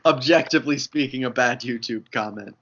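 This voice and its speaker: A young man co-hosting a casual podcast, talking in a hesitant, halting way full of fillers. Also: medium pitch, fairly bright tone. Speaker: podcast co-host. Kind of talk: casual chat. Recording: dull lo-fi podcast audio.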